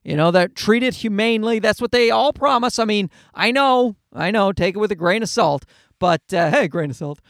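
A man's voice: high-pitched, animated, moderate pace, vocal fry, a bit bright, no echo, clean studio sound. A man chatting casually to his viewers as a vlogger, blunt and profane, often restarting his sentences. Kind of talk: casual personal chat to camera.

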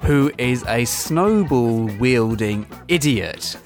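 A man's voice: medium pitch, animated, slow, soft background music. A man co-hosting a podcast in casual chat, sarcastic and exasperated. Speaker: podcast co-host.

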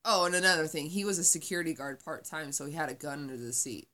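A woman chatting casually, telling a story in a profane, animated way. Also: low-pitched, fast, background noise. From Arizona. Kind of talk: casual chat.

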